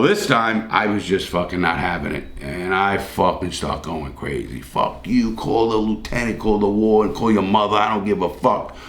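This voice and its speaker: A man's voice: lowish voice, fairly bright tone, roomy sound. An older man, an ex-prisoner, telling his story straight to camera in a blunt, intense way and swearing constantly.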